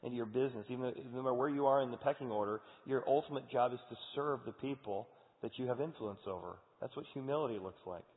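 A man's voice: mid-range voice, fast. A male pastor delivers a sermon in an earnest, conversational manner. His voice rings with long hall reverb and sounds thin, like over a phone line.

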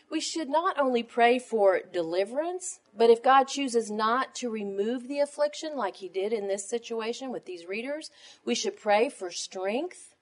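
A woman teaching a Bible study to other women, reading scripture in a measured cadence and leaning on rhetorical questions. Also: fairly high pitch. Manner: emphatic, asks rhetorical questions.

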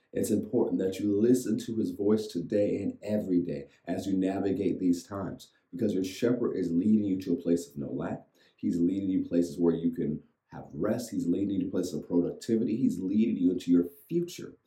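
A man preaching with a low, dark, mellow voice. He leads an online audience in repeating lines back to him. The sermon has rhythmic repetition, and the room is echoey. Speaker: pastor. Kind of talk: sermon with call-and-response.

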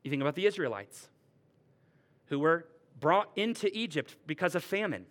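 Slightly high-voiced male pastor preaching. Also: moderate pace. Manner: conversational, lively preaching with playful retellings. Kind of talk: sermon.

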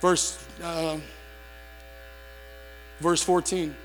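A male preacher with a bright, forceful voice that rings through a large hall. He reads scripture, then rises into impassioned appeals to the congregation. Soft music plays faintly under his words. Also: a little high, fairly quick. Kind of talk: sermon.

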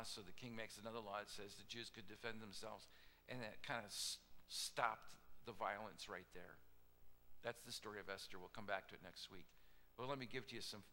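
Male pastor, bright forceful voice, animated storyteller, sermon in a big echoing hall. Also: on the low side, a little fast, slight background noise. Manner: animated storytelling with casual asides and voiced quotes.

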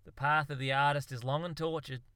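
A man's voice: on the high side, steady tone, a little fast, bright, forceful tone, dry recording. A man voicing a temperamental, swearing man, weary at times and furious at others. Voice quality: swears a lot, gruff.

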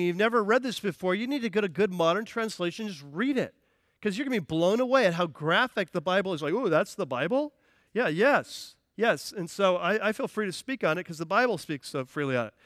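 A man preaching a sermon as pastor, energetic and playful, acting out voices with humor. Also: high voice, no room sound, studio quality. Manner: energetic, playful, acts out quotes. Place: church.

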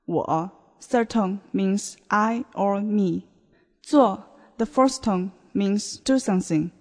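A woman teaching a beginner language lesson on a podcast, explaining words in a slow, clear way. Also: mid-range voice, a little mellow. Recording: long hall reverb.

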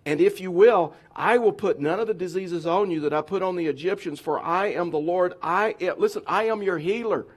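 A man's voice: high voice, a little fast, hardly any pauses. A man preaching a sermon as pastor, emphatic and repeating his key phrases again and again.

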